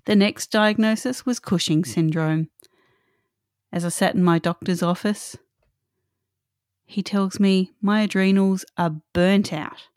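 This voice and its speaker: A woman's voice: medium pitch, fairly even intonation, unhurried, pauses often, darkish tone, dry recording, clean studio sound. A middle-aged woman hosting a solo podcast, earnest and emphatic, repeating her key points. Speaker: podcast host.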